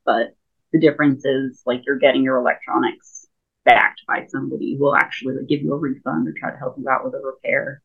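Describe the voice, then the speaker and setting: A woman with a low voice talks as an interview guest, explaining casually and peppering her speech with fillers. Her audio comes through a thin, phone-like remote call line. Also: flat delivery, a little fast, vocal fry, fairly bright tone, breathy edge. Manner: chatty, explains with many fillers. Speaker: guest, lightsaber school founder.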